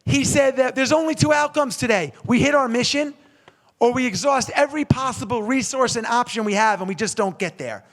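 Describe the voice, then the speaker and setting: Man, motivational speaker, keynote storytelling, high pitch, energetic, repetitive buildup. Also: brisk.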